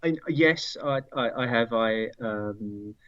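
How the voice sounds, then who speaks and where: A man co-hosts a casual beer podcast in a steady voice, halting and restarting as he talks. His sound is dry and a little dull, like a modest lo-fi mic. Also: medium pitch, dry recording. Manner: halting, repeats words, measured. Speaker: podcast co-host.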